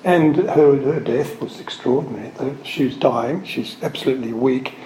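A man's voice: medium pitch, normal speed, dark tone, slight background noise. A man giving an anecdotal spiritual talk, wandering and correcting himself, earnest and openly emotional. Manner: rambling, digressive storytelling with frequent self-corrections; earnest, openly emotional about his subject. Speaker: Catholic religious speaker giving a spiritual talk. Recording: roomy echo with faint ambience.

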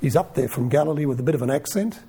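Husky, warm-voiced male Bible teacher. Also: on the high side, racing. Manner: conversational, rhetorical questions, lively asides.

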